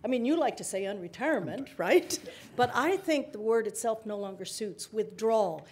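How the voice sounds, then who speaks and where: A woman in her sixties, a panel guest at a public forum, telling her story in an animated way with laughs between remarks. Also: a little high, normal speed, breathy edge. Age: 60s. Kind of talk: conversational storytelling at a live forum.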